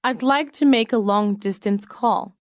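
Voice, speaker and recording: A woman's voice: a little high, no room sound. Woman reading phrases in a dry room. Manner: measured, evenly paced, clearly enunciated. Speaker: English phrase reader. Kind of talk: slow read-aloud example sentences.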